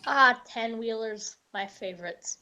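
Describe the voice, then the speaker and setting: A woman's voice: a little high, a little slow, pushed and bright. A woman chatting casually as co-host from her garage, teasing and easily distracted, with the hiccups. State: hiccups, clearing throat. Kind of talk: casual chat.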